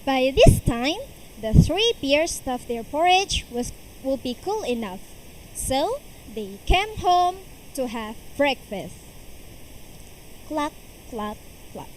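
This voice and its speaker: A woman's voice: high-pitched, a little hiss or hum, rough recording. A young woman, performing a fairy tale as a storytelling contestant at a school competition. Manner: slow, expressive storyteller's delivery.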